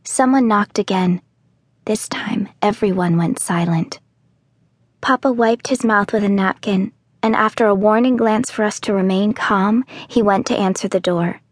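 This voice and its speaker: Woman reading a kids' book out loud, first person, calm, super dry booth sound, mid voice. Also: medium pitch, measured pace, dry recording. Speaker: audiobook narrator. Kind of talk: scripted narration.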